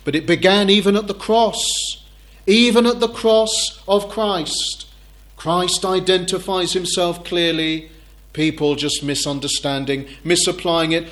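A man preaching an expository sermon, slow and deliberate, asking rhetorical questions. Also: on the high side, steady tone, a bit bright.

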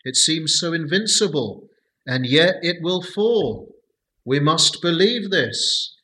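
A man leading a Bible study, speaking slowly and deliberately with many hesitant fillers. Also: on the high side, expressive, sharp tone, rough recording.

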